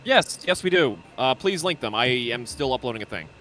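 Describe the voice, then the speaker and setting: Animated man rambling through an idea. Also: medium pitch, a little fast, slight background noise. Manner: rambling, stumbles while explaining ideas. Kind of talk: casual chat.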